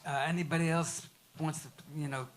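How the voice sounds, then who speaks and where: An older man, a guest on a live comedy talk show, speaking haltingly and repeating words as he searches for them. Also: fairly high pitch, steady tone. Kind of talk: casual talk-show chat.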